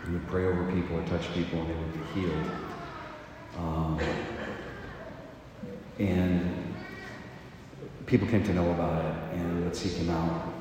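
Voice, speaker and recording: Priest, male, deep low voice, halting chatty homily, booming church reverb, audible room noise. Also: level tone. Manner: conversational, halting, many fillers. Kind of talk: casual homily. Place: large echoey church. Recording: distant mic in reverberant church.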